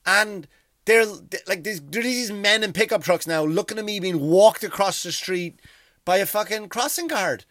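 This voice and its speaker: A man's voice: high-pitched, normal speed, fairly bright tone, no room sound, clean studio sound. Profane man rambling comedy podcast. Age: 40s. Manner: rambling, profane, self-deprecating storytelling. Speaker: podcast host. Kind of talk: comedic monologue.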